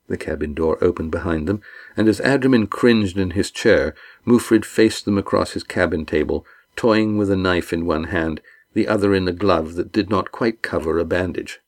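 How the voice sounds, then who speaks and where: A man narrating a novel chapter aloud in a measured, steady way. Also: low-pitched. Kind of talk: audiobook narration.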